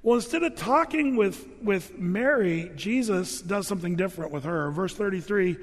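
A male pastor preaching a sermon, reading scripture and explaining it in a casual, joking way, his voice dropping lower for the verses. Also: expressive, normal speed. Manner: conversational and jokey, drops low for read verses. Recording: long hall reverb.

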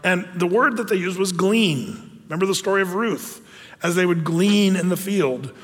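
A man preaching a sermon in a chatty, animated way, full of fillers and asides. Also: high-pitched, moderate pace, big-room sound. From United States. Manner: conversational, animated with frequent fillers. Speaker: pastor.

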